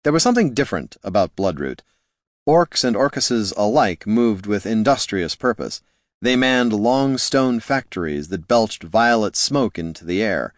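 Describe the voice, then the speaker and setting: A man reading fantasy fiction as an audiobook narrator in steady storytelling style. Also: fairly low pitch, unhurried, no room sound, studio quality.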